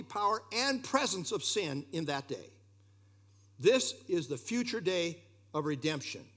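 A man preaching a sermon, emphatic and putting questions straight to his listeners. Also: high-pitched. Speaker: pastor.

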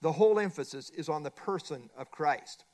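A middle-aged man leads a Bible study lesson, walking his class through a workbook page by page. His voice sits a little high for a man, and he presses hard on his main points, saying them again and again. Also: expressive, normal speed, darkish tone. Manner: emphatic, repeats key points. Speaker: Bible teacher.

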